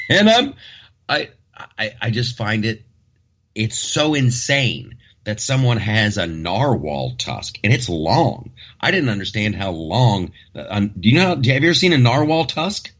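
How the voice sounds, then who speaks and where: A man's voice: fairly low pitch, sing-song, unhurried, fairly bright tone. A man hosting a casual comedic talk show, rambling and joking with frequent restarts.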